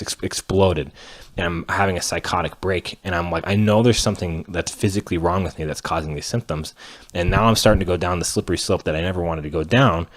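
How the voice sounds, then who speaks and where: Young man, very deep voice, candid personal storytelling with halting restarts and casual cursing. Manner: halting, with many fillers and restarts; earnest, candid, occasionally cursing. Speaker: patient telling his own illness story.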